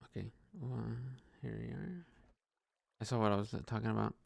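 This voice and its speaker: A man's voice: on the low side, lively intonation, fairly quick, gravelly, darkish tone, no room sound, studio quality. A young man rambling hesitantly about his life while gaming, full of fillers and restarts, swearing casually. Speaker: podcaster.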